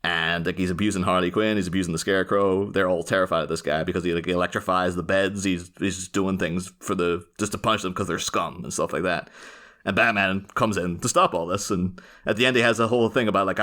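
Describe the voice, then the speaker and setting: Male podcast host, lowish voice, eager rambling film chat. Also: steady tone, fast, a bit bright. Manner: enthusiastic, rambling, many restarts. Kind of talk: casual chat, film discussion.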